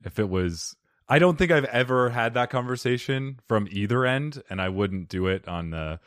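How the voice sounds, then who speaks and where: A man from Arizona hosting a podcast, friendly and expressive in casual chat. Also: medium pitch, moderate pace, dry recording, clean studio sound. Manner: friendly, expressive, reads listener letters aloud. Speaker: podcast host.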